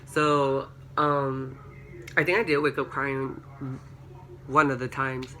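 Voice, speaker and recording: A young man vlogging a storytime, rambling through a dream with constant filler words and rising into excited shrieks when he quotes himself. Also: slow pace, slight background noise. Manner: excited, rises to high-pitched shrieks when quoting himself. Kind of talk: storytime vlog. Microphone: camera.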